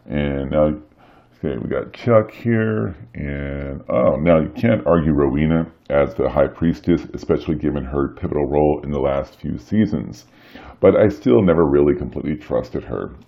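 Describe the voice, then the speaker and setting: Male reviewer, rock-bottom pitch with gravel, casual and musing, muffled lo-fi audio. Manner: musing, thinking aloud with frequent fillers. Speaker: tarot deck reviewer.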